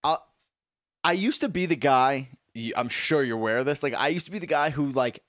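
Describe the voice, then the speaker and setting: A man's voice: medium pitch, lively intonation, fairly quick, fairly bright tone, no echo, clean studio sound. A young man co-hosting a casual chat, reflective and easygoing, chiming in with short agreement. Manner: laid-back, reflective, chimes in with short agreement.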